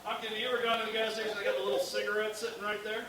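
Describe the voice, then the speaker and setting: A middle-aged man doing a stand-up routine, telling wry stories and acting out quick silly voices. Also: high voice, flat delivery. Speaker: stand-up comedian. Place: live comedy club. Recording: echoey live room, mic far off, hiss.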